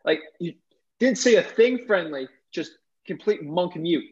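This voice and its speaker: A young man telling a lively story as an interview guest, with lots of "like" fillers and restarts. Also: sits high, a little slow. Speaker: guest real estate wholesaler. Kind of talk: casual storytelling. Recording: dull lo-fi audio.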